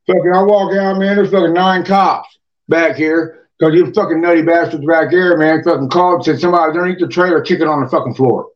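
A man's voice: a little high, brisk. A man telling rowdy stories on a podcast, rambling, profane and repeating himself. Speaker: podcast guest. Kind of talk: rowdy casual storytelling. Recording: distant, dull lo-fi mic.

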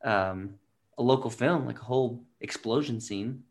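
A man's voice: mid-range voice, moderate pace, slight background noise. A man co-hosting a casual interview, asking the guest friendly questions. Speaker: co-host.

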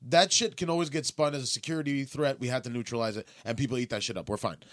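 A man's voice: mid-range voice, quick pace, a bit bright, dry recording, clean studio sound. Sarcastic young man on a podcast. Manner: profane, sarcastic, trailing off with fillers. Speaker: podcast co-host. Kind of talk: casual political chat.

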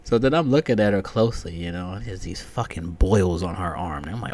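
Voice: low-pitched, brisk, few pauses, a little mellow. A vlogger telling a story in a casual, rambling rant full of cursing. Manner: profane, rambling.

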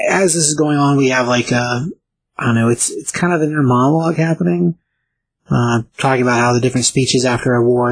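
A man casually recapping a comic book issue, talking in a halting way with many filler pauses. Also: medium pitch, breathy edge, dry recording, rough recording.

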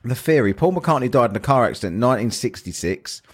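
A man's voice: mid-range voice, animated, fast talker, slightly rough. A man hosting a casual podcast chat, joking, rambling and laughing often. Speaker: podcast host.

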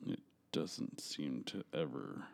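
A man's voice: very deep voice, animated, slow, vocal fry. A man co-hosting a podcast in casual chat, laid-back, giving short replies and reading headlines aloud. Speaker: podcast co-host.

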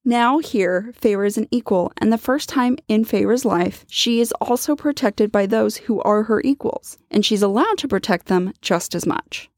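A woman's voice: mid-range voice, normal speed, few pauses, darkish tone, no room sound, clean studio sound. A woman with a Californian accent co-hosting a casual book podcast, reading from her notes and laughing often. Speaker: podcast co-host.

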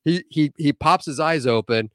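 A man guesting on a podcast as a medic, telling a story in casual, animated chat with plenty of swearing. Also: a little high, normal speed, no echo, clean studio sound.

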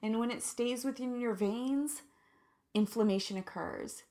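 A woman's voice: fairly high pitch, dark tone. A woman in her thirties talking candidly and emotionally to her viewers in a personal vlog. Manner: emotional, candid, drawn-out and reflective. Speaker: vlogger.

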